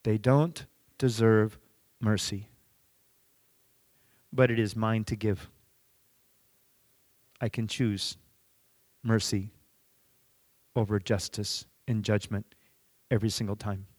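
A middle-aged man preaching a sermon as a pastor, telling a story in a relaxed conversational way and going quiet for emphasis. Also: on the low side, takes it slowly, long pauses, no room sound. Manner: conversational, drops soft for emphasis.

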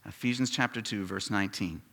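Bright-voiced preacher with sweeping dynamics. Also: male voice, on the low side, fairly quick, creaky. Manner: preaching with big swings from quiet to loud, asks the congregation questions. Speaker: pastor. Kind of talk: sermon.

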